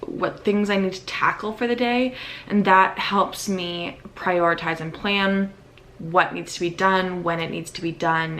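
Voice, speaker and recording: Young woman, casual vlog chat, gravelly fry, faint background hiss. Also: on the low side, fairly bright tone. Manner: chatty, self-aware, with many fillers. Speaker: lifestyle vlogger. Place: her apartment.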